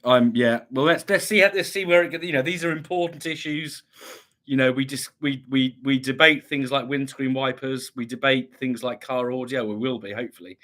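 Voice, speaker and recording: A man from England chats through a home livestream, reading viewer comments aloud and answering them. His talk wanders, full of ums and restarted phrases, at an ordinary middle pitch. A slight cough still lingers in his voice from a recent illness. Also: moderate pace, a bit bright. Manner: chatty, rambling, many ums and restarts. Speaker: livestream host reading chat. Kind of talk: casual chat.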